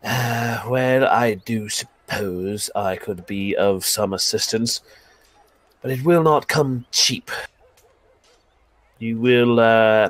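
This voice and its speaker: Guy playing a stuck-up skinny elf shopkeeper, slow and prim, crisp bright voice. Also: fairly low pitch, no room sound. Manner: prim, formal, slow and disdainful. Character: tall gaunt proper male elf shopkeeper, haughty.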